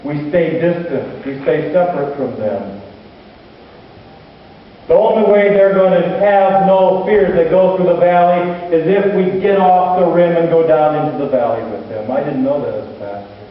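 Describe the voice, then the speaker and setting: A pastor and hospital chaplain preaching a sermon, telling stories slowly and earnestly with dramatic pauses. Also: male voice, a little high, slight background noise. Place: church sanctuary. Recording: distant, echoey church hall, muffled.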